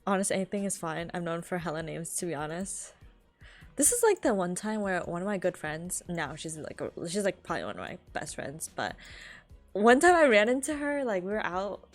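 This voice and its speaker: A woman's voice: on the low side, sing-song, fairly quick, soft background music. A young woman from California chatting casually on a live stream, rambling, laughing often and filling her talk with "like".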